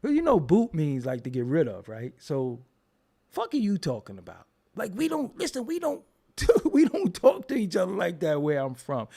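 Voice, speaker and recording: A man hosts a live stream and rants at his chat with a lot of profanity and mockery, breaking into laughter often. His voice sits high for a man and swings wildly in pitch, with a gravelly edge throughout. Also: huge pitch swings, normal speed, mellow. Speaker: show host.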